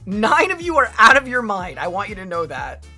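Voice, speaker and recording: A woman streamer from Australia chatting in a casual reaction stream, excitable and rambling as she reacts. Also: medium pitch, normal speed, faint music behind.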